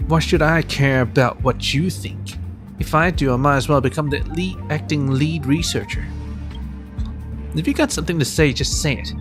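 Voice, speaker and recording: A man's voice: fairly high pitch, moderate pace, over music, close to an everyday voice. A man voicing a blunt, prickly young woman researcher who is secretly socially awkward, brusque one moment and flustered the next. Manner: brusque, then flustered and rambling.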